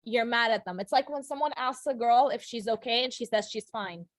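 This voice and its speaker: A woman teacher giving a chatty, upbeat English lesson to a live class, with fillers and quick self-corrections. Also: a little high, dry recording. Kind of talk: classroom lecture recorded for video.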